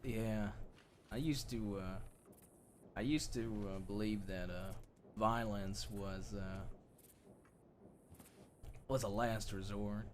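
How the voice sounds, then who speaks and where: A young man telling a rough, profane outlaw story in character during a roleplay game, sinking low and quiet at the grim parts. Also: steady tone, slow pace, long pauses, a little hiss or hum.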